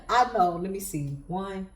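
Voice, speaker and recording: A woman's voice: medium pitch, animated, slow. A chatty woman working through a tarot spread for her viewers. She laughs freely and keeps up a running stream of sassy asides. Her voice rings a little in a roomy, echoey space. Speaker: tarot reader. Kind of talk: casual livestream tarot reading.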